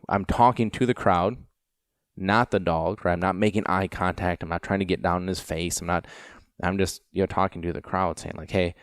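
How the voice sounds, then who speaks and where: Podcast host, male, 30s, low voice, dry close mic, rambling anecdotal delivery. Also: dry recording. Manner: rambling, frequent "you know" fillers. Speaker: podcast host and dog trainer. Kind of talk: casual storytelling.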